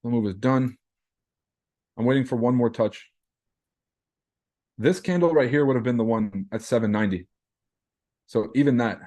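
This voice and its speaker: Dude running a live trading stream, cussing and joking, reading the chat, mid-pitched normal guy voice. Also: normal speed, pauses often, dark tone. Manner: brash, profane, joking; reacts to chat messages. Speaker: trading livestream host. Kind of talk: casual livestream chat.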